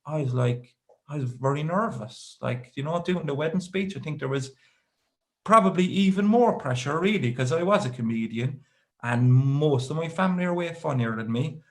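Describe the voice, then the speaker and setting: A man's voice: fairly high pitch, lively intonation, moderate pace. An Irish man in his thirties doing a stand-up comedy set, rambling through stories with dry asides.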